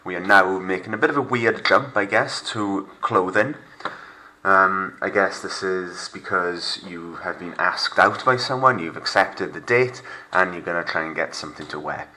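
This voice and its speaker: A man's voice: deep voice, moderate pace, bright, forceful tone, slight background noise, rough recording. A male teacher from Wales, giving a recorded remote language lesson and patiently explaining step by step with fillers.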